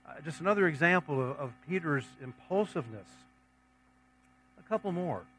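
A male preacher whose voice sits a little higher than most men's. He reads scripture aloud and then explains it in a plain, conversational way. A faint hum runs underneath. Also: lively intonation, moderate pace, a bit bright, rough recording. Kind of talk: sermon.

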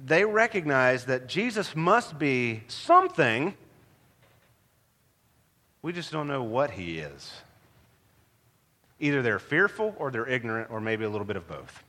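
Animated, bright-voiced preacher man. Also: mid-range voice, unhurried, long pauses. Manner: emphatic, animated preaching with rhetorical questions. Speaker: pastor. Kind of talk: sermon. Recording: long hall reverb.

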